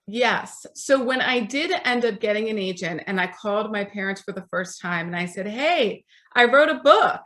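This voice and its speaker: A woman's voice: medium pitch, steady tone, normal speed, few pauses, fairly bright tone. A woman in her forties, an author being interviewed, telling stories in a chatty way and acting out the voices of people she quotes. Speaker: author, podcast guest.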